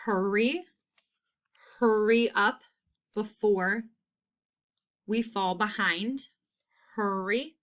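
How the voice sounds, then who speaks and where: Slow, deliberate woman teacher. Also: mid-range voice, a bit bright. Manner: spells sounds out and repeats each word in a model sentence. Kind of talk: slow, deliberate phonics lesson.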